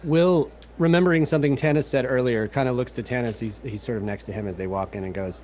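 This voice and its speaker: A man playing a tabletop game, talking in a hesitant, soft-spoken way. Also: mid-range voice, quick pace, few pauses. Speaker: player. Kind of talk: casual tabletop play.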